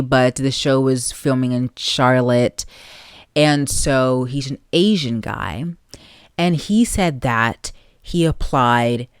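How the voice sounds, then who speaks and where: A podcast host giving opinionated, animated solo commentary and talking straight to the listeners. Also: medium pitch, clean tone, no echo, clean studio sound.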